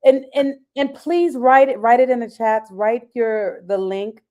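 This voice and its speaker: A woman's voice: on the high side, unhurried, a little mellow. Bubbly woman co-hosting over a video call. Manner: bubbly and talkative, laughs a lot. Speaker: live stream co-host. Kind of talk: casual live-stream chat.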